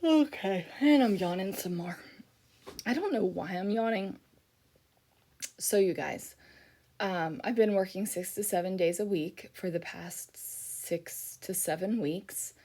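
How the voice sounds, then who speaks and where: A woman's voice: mid-range voice, measured pace, dark tone. A middle-aged woman chatting casually in a voiceover for her scrapbooking video, tired and rambling, with frequent fillers and yawns. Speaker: scrapbooking YouTuber.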